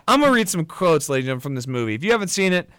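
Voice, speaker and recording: A man co-hosting a casual film podcast, rambling with lots of restarts and addressing listeners as ladies and gentlemen. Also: on the high side, sing-song, very fast, clear, resonant tone, no echo, studio quality. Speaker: podcast co-host.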